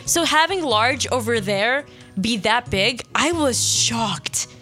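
A woman's voice: a little high, animated, slow, sharp tone, soft background music. A young woman hosting a radio show, chatting casually and emphatically, wandering off on tangents. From United States. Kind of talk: casual solo chat.

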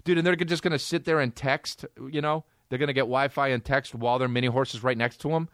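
A man hosting a comedy podcast, ranting in an incredulous, profane, animated way. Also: mid-range voice, quick pace, no room sound, clean studio sound. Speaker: podcast host.

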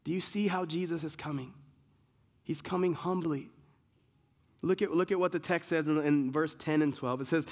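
A man's voice: sits high, moderate pace. A male pastor preaching an emphatic sermon, building points through repeated lists and restarts. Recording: long reverb of a large hall.

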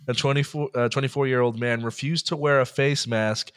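A man's voice: medium pitch, steady tone, normal speed, clear, resonant tone. A man co-hosting a podcast, casually recounting odd news stories, laughing often and slipping into mock voices. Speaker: podcast co-host.

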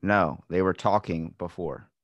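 A young male murder suspect with a low voice, answering in a flat, deadpan manner, as a man plays him in a podcast sketch. The sound is dry and close. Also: a little slow, no echo, dull audio.

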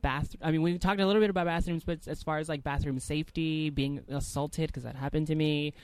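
A woman's voice: low-pitched, steady tone, fairly quick, darkish tone, no room sound. A young trans woman, a podcast guest, telling personal stories in casual chat with many fillers and restarts.

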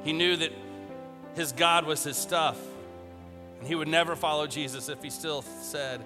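A man's voice: on the high side, fairly even intonation, normal speed, in a large hall, over music. A man preaching a conversational sermon as a pastor, retelling Bible scenes in casual modern speech and repeating phrases for emphasis.

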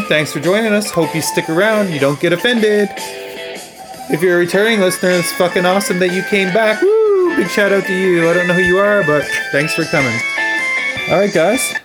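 A man's voice: high-pitched, a little fast, over music. A man hosting a podcast, introducing the episode in a loose, chatty way. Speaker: podcast host.

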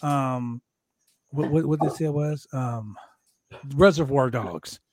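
A man hosting a casual wrestling recap show, talking in an animated, profane way and acting out quotes from the show. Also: medium pitch, slow, no echo. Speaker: podcast host recapping wrestling.

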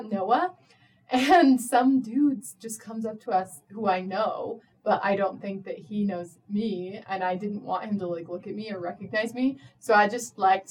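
A young woman with a Utah accent hosting a podcast, chatting casually with a giggly, animated way of telling stories. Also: mid-range voice. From Tennessee. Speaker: podcast host. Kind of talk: casual chat. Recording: distant mic with faint background noise.

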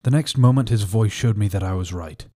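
A man's voice: lowish voice, fairly quick, dark tone. Man reading a classic novel aloud. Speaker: audiobook narrator. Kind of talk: scripted narration.

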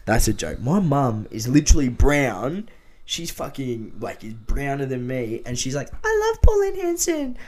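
A man's voice: medium pitch, a little slow, darkish tone. A man with an Australian accent hosting a podcast in casual chat, tipsy, giggly and joking crudely. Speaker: podcast host.

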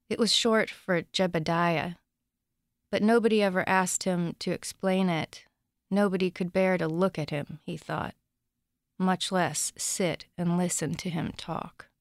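A woman reading her own short story aloud in a calm, measured, deadpan way. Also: fairly low pitch, clear, resonant tone, dry recording, studio quality. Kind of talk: literary reading.

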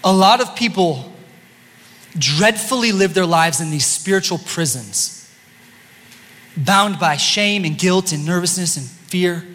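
High-voiced pastor in an echoing hall. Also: male voice, unhurried, pauses often. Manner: lively and playful with the congregation. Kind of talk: sermon. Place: church sanctuary. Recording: long church-hall reverb.

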